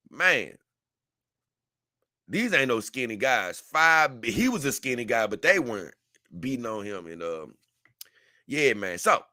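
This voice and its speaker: This vlogger from Memphis, Tennessee has a mid-range, sharp-toned voice, recorded cleanly in the studio with no room sound. Talking casually to camera, he tells a story earnestly while rambling and frequently restarting.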